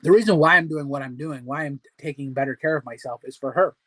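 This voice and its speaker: A man's voice: a little high, fast talker, bright, forceful tone, dry recording. A man in his forties hosting a casual livestream weight-loss support chat, rambling and full of fillers as he pep-talks his viewers. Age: 40s. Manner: rambling, filler-heavy, motivational.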